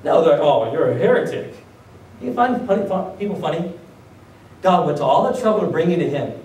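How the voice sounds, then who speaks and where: A man's voice: on the high side, animated, quick pace, a little mellow. A pastor preaching a sermon, constantly asking his congregation rhetorical questions and acting out the voices of people in his stories. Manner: acts out quoted voices. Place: church sanctuary. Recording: echoey room, mic far off.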